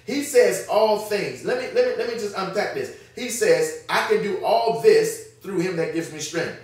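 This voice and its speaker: A man's voice: sits high, expressive, moderate pace, a little mellow. A man preaching an emphatic, repetitive Bible study to his congregation, calling on them to answer back. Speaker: pastor teaching a midweek Bible study. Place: church sanctuary. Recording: echoey church hall, mic at a distance.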